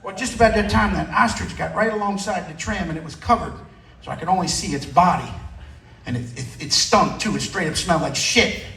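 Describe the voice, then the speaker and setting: A man doing a stand-up comedy set, telling a story with shouted screams and acted-out dialogue. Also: sits high, brisk, vocal fry, a little hiss or hum. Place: comedy club stage. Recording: echoey club from a distance.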